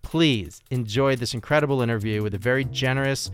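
A man's voice: medium pitch, brisk, soft background music. A man hosting his own podcast, talking in a casual, self-mocking, rambling way. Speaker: podcast host. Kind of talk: casual podcast monologue and chat.

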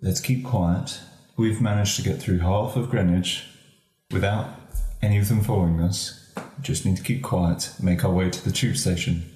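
A man's voice: low-pitched, fairly even intonation, moderate pace, a little mellow. A man playing a tabletop game, speaking in character and out of it casually. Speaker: player. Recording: echoey room.

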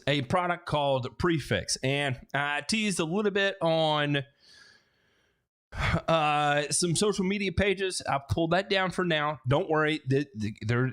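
A man's voice: on the high side, fairly bright tone, smooth. Casual rambling man hosting a livestream. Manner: rambling, restarts a lot, joking asides. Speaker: host of a lawn care livestream. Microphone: headphones with mic.

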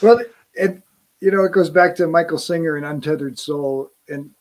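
Earnest middle-aged man with a higher voice. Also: normal speed. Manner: earnest, restarts phrases often. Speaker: podcast host. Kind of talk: casual conversation.

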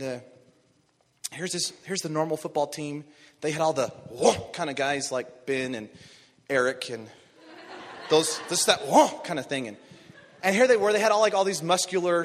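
A man preaching a sermon, telling a story with animated energy and rising to shouts on key phrases. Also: fairly high pitch, moderate pace, slight background noise. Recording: long reverb of a large hall.

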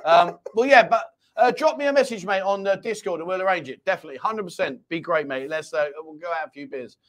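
A fast-talking man with a voice that sits high hosts a casual live-stream chat show from a small home studio. He jokes and rambles while reading out viewer comments.

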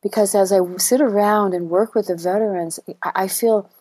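A middle-aged woman, a guest who teaches writing to veterans, speaking in a halting, searching way with many repeats and restarts. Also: mid-range voice, fairly even intonation, dark tone, husky. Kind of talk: emotional personal interview.

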